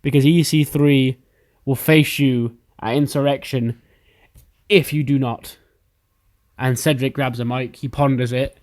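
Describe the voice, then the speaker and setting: A man's voice: mid-range voice, steady tone, measured pace, long pauses, darkish tone. A man casually narrating his own playthrough of a wrestling management game. He swears freely and briefly acts out the characters' lines as he tells the story. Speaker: game let's-player narrating a wrestling sim.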